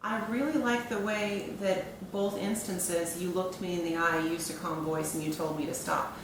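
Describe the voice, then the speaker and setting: Calm, encouraging woman school counselor. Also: fairly low pitch, normal speed, few pauses. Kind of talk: classroom role-play lesson. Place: office. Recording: echoey room with background noise.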